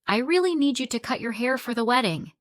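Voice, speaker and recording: A woman's voice: on the high side, lively intonation, brisk, dry recording, clean studio sound, voice pushed up, natural voice. A woman voicing a demanding young bride who is dismissive and self-centred.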